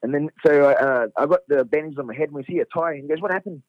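A middle-aged Australian man, a fighter guest, telling a story in a casual, animated way, laughing and swearing freely. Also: on the high side, rapid-fire, no echo. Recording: dull lo-fi radio sound.

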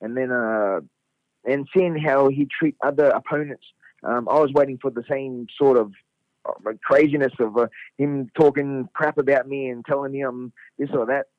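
A middle-aged Australian man, a fighter guest, telling a story in a casual, animated way, laughing and swearing freely. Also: medium pitch, moderate pace, no echo. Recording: dull lo-fi radio sound.

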